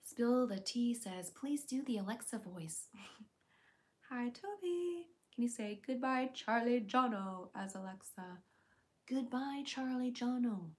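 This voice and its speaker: A woman streamer chatting casually on a livestream, reading viewers' comments aloud and answering them with quick giggles. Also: on the high side, expressive, a little mellow. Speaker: streamer and voice actor.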